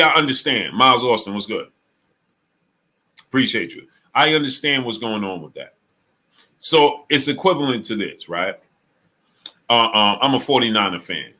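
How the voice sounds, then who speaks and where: A man talks to his live-stream audience in a bright, forceful voice with speech. He tells stories with energy, acting out what his friend said, then greets viewers in the chat one by one. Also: fairly low pitch. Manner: animated storytelling, acts out friend's quotes. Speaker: sports channel host.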